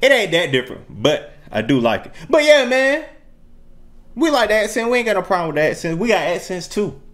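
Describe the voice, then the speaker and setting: A man's voice: sits high, sing-song, a little fast, fairly bright tone. A man co-hosting a reaction video, chatting casually in a laid-back, joking, slangy way.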